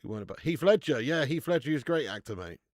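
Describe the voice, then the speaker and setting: A man's voice: mid-range voice, big pitch swings, fast talker, darkish tone, no room sound, studio quality. A man hosting a live football watch-along, chatting casually, bantering and reading out viewers' comments. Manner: jokey, banter-filled, reads out chat comments.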